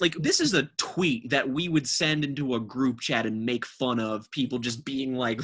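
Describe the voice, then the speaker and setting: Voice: mid-range voice, moderate pace, few pauses, fairly bright tone, husky. A podcast co-host ranting through an album review with exasperated, profane, cutting remarks.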